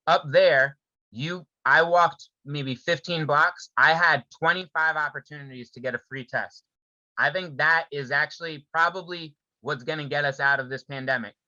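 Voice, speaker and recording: Co-hosting a podcast, a man with a high-leaning, pushed and bright voice chats loosely with plenty of fillers and asks pointed questions. The audio is dull and without echo.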